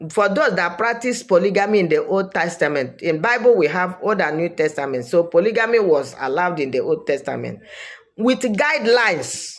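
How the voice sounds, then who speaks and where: A woman with a Nigerian accent and a fairly low voice offers opinionated social commentary. She speaks emphatically, repeating her points to give them weight.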